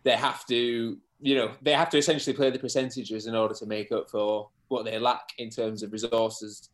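A man with a Yorkshire accent, a podcast guest giving measured, analytical football opinions between laughs. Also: medium pitch, level tone. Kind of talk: casual football podcast chat.

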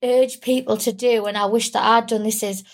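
A woman's voice: a little high, steady tone, moderate pace. A young woman talking candidly and tearfully in an interview, rambling and full of fillers. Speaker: guest. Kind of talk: emotional personal interview.

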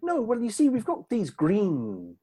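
A man's voice: high voice, wildly swooping pitch, unhurried, warm tone, breathy edge. An Irish man chatting as a guest on a podcast over a video call, with a dry, sardonic way of talking.

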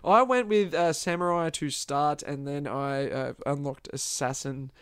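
A man's voice: a little high, a little slow, fairly bright tone, clean tone, no echo. A young man chatting casually about video games, often stammering and restarting his sentences. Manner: stammering, many restarts and repeated words. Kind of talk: casual gaming chat.

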